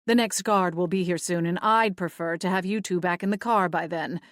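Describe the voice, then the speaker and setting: A woman's voice: on the low side, steady tone, normal speed, no room sound, studio quality, close to an everyday voice. A woman voicing an impatient young man who speaks in clipped, dismissive lines.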